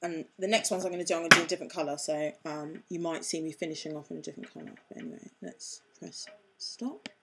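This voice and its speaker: Her deep, creaky voice moves at a quick pace as she walks through a craft project step by step, chatting and mocking herself while her hands stay busy. There's noise in the background of this tutorial.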